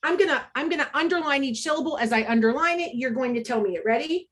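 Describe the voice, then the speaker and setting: An American woman with a high, expressive, slightly bright voice talks at a quick pace. Over a video call she presents an interactive online workshop for teachers, upbeat and chatty with frequent ums.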